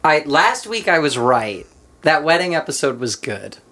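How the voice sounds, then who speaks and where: A woman chatting casually with a friend about a cartoon, excitable and swearing freely. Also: deep voice, moderate pace. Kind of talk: casual chat.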